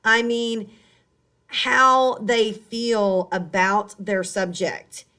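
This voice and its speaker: A woman teaching a recorded high school English lesson into her computer mic. She explains at an everyday pitch, stopping to reword and check in with her students. The tone stays plain and instructional. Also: fairly even intonation, very slow, sharp tone. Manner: explanatory, rephrases as she goes.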